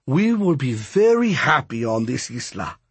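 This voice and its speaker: A man's voice: medium pitch, sing-song, a little slow, vocal fry, a little mellow, breathy edge, dry recording, full character voice. A man doing a doting old man with a lilt. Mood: fond.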